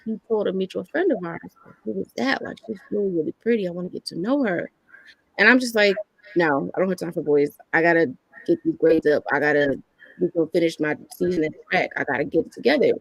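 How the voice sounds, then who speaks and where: Candid woman with a gravelly edge. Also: lowish voice, fast, dry recording, poor audio. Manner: candid, animated storytelling that acts out quoted lines. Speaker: guest. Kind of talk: personal storytelling in a podcast interview.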